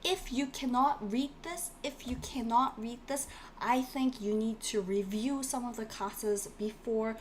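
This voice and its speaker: Woman teacher, fairly high voice, cheerful drills and repetition, live class. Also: a little hiss or hum. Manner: encouraging, repeats words for drilling; laughs often, playful asides. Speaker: language teacher. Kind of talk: live-streamed online class.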